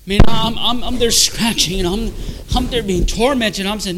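A man with a high, ringing voice tells his story in church, stumbling over his words and circling back on himself. He drops low and hushed, then presses forward urgently. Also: animated, rough recording. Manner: halting, stammering, repeats himself; swings between hushed and urgent. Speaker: church member giving testimony. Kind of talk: emotional personal testimony.

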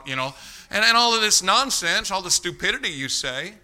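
A man preaching with a very bright, cutting tone and a voice sitting a little high. He tells a folksy story and then exhorts young people. He moves between hushed asides and loud, rising calls. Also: animated, brisk. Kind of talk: sermon.

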